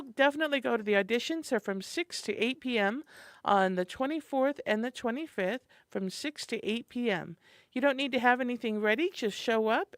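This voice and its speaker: Recorded dry and at studio quality, a woman with a voice on the high side co-hosts a morning radio show. Chatty and enthusiastic, she reads a calendar, running cheerfully through a list of community events from a studio microphone in the radio studio.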